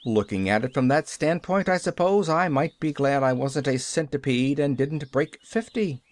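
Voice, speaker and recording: A man reading an audiobook, voicing a cross, bitter bedridden man with a gruff, sarcastic manner. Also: fairly high pitch, moderate pace, lightly acted. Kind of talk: audiobook character voice.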